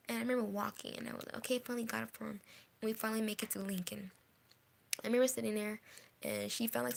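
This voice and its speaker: A woman's voice: medium pitch, gravelly, slight background noise. A young woman telling a storytime vlog in an earnest way, repeating phrases and dropping into whispers at painful moments. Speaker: vlogger.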